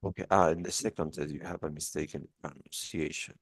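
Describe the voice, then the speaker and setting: A man with a very low, gravelly voice works through a test review with a student. He explains patiently, restarting often and leaning on "like." The sound is dry and close, as on a video call. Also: steady tone, fairly quick, dry recording. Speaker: English test tutor. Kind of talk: one-on-one lesson review.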